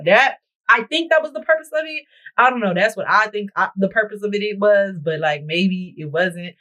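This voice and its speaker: Young woman vlogger, expressive storyteller, mid-range voice, chatty get-ready-with-me delivery. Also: mid-range voice, fairly quick, poor audio. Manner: dramatic, animated, talks straight to viewers. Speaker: beauty vlogger. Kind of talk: storytime chat while getting ready. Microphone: camera mic while doing her makeup.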